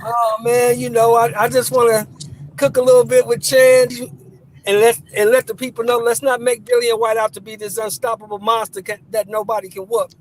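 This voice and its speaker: A man's voice: very high voice, little pitch movement, normal speed. A man joining a casual boxing chat as a guest, easygoing and friendly in his banter. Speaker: guest commentator on a call. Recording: distant call mic with faint noise.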